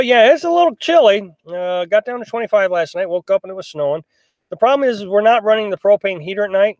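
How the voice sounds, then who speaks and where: Sitting in a small pop-up camper, a chatty middle-aged man with a high voice hosts a casual live stream and reads out viewer comments. He rambles, restarting often and using lots of fillers. The sound is dry, with no room sound.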